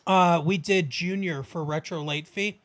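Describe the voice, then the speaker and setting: High-voiced young man, casual podcast chat. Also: fairly even intonation, a bit bright. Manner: rambling, quick laughs, many restarts. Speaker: podcast co-host.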